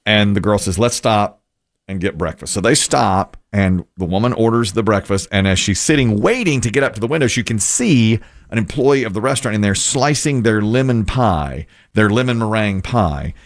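A man's voice: lowish voice, normal speed. A man in his fifties hosting a radio talk show, telling long stories and laughing often. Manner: storytelling, animated, laughs often. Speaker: radio host. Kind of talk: casual radio chat.

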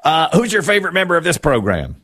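A man hosting a call-in radio show, upbeat and quick to react, joking with the caller. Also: a little high, big pitch swings, a bit bright. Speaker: radio host.

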